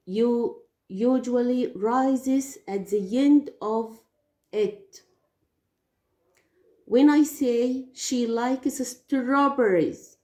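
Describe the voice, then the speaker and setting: A woman's voice: fairly high pitch, warm tone. A woman whose first language is Arabic gives English teaching tips, explaining carefully with some hesitations. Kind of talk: teaching tips, spoken lesson. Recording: echoey room.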